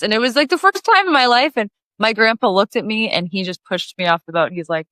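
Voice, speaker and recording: A Midwestern singer in her thirties, from Lake of the Ozarks, Missouri, speaks in a fairly high voice, briskly and with hardly any pauses, in a recording with no echo. Guesting on a podcast, she tells casual stories, giggling often and acting out the voices of the people she quotes.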